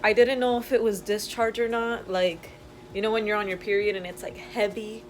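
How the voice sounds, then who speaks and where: A young woman chatting casually to the camera while in labor, giggly and excited, pausing through contractions. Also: mid-range voice, a little hiss or hum, rough recording. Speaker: vlogger. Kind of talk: casual vlog chat.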